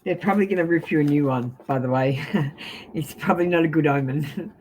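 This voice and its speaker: A woman's voice: low voice, a little fast, darkish tone, slight background noise. A woman with an Australian accent giving a live tarot card reading, chatting to viewers and reading card meanings aloud from a book. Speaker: tarot reader.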